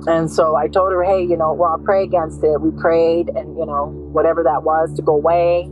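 A woman with a somewhat low voice tells of her daughter's last months, reliving each conversation by voicing both herself and her child. Soft music sits faintly beneath her. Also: little pitch movement, fairly quick, lo-fi sound. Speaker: victim's mother, interviewee. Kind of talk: emotional personal recollection.

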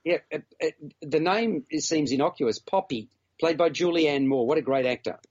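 A man's voice: fairly high pitch, moderate pace, darkish tone, slightly rough, muffled recording. A man co-hosting a casual podcast chat about a film, chatty and teasing, talking in long run-on stretches. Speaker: film reviewer co-host.

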